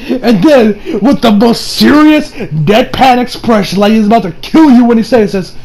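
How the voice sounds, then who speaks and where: A young man casually recapping an anime episode, rambling and excitable, often breaking into laughter. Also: very high-pitched, moderate pace, vocal fry, low-quality recording. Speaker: anime reviewer.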